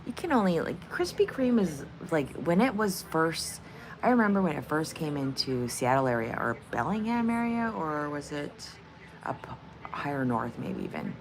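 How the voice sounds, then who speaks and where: A woman's voice: deep voice, very animated, normal speed, a little hiss or hum. A woman hosting a casual livestream, rambling and cursing freely with frequent laughter. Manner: profane, rambling, laughs a lot. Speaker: livestream host.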